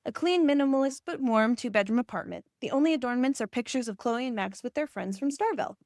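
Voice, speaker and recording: A woman reading a screenplay's stage directions aloud in an even, plain way. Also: fairly high pitch, fast, dry recording, studio quality. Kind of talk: scripted narration.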